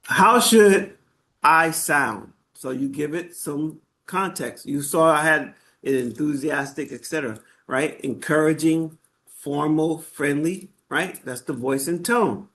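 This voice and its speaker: A man with a slightly high-pitched voice teaches a live online class. His delivery is conversational and loose, full of "right?" and "okay?" check-ins and small restarts. He talks through slides from a computer setup. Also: slow, a bit bright. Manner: frequent fillers and restarts. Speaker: workshop instructor.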